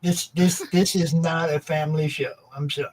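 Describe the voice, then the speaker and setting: A man's voice: fairly high pitch, steady tone, moderate pace, darkish tone. A man hosting a network livestream, hyping viewers and giving directions in casual slang. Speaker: network host.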